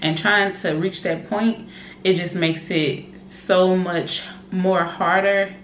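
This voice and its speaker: A young woman and mother chatting excitedly to her camera at home, calling her viewers y'all. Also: on the low side, slow pace. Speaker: vlogger, mother of an infant. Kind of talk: casual vlog chat to camera. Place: at home, indoors. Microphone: camera set up nearby, moved during talk. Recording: roomy home room with faint background noise.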